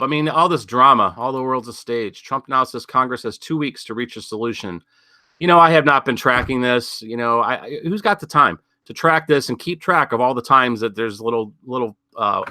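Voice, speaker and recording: A man's voice: medium pitch, pushed and bright, dry recording, clean studio sound. A man hosting a casual news commentary show, rambling and sardonic, thinking aloud with many fillers and asides. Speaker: podcast host.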